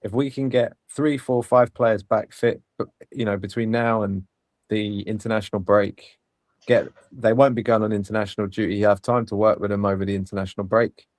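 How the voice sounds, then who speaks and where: Lower-voiced man, dry and easygoing. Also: fairly even intonation, fairly quick, dry recording. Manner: hopeful, easygoing, hedging. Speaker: podcast co-host. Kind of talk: casual football podcast chat.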